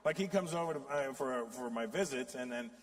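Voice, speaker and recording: A man's voice: medium pitch, brisk. Man in his fifties doing profane stand-up in a hall. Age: 50s. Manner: profane, animated, acts out voices in quotes. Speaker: stand-up comedian. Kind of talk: stand-up comedy routine. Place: large live venue with audience. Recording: long hall reverb from a stage.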